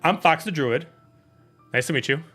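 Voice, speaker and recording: A man's voice: on the high side, normal speed, fairly bright tone, slightly rough, faint music behind, voice pushed up. A man voicing a brash, casual woman druid who swears bluntly and rambles. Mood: brusque.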